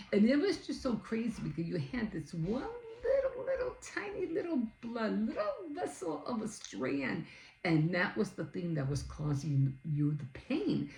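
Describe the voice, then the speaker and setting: A middle-aged woman vlogger telling a long story in a casual, rambling way, full of fillers and restarts. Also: lowish voice. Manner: rambling, animated retelling with many fillers. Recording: roomy, echoey recording.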